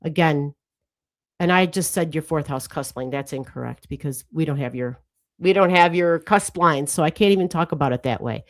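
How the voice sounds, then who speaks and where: A woman's voice: low voice, normal speed. A woman hosting a livestream astrology reading, rambling casually and correcting herself as she talks to viewers.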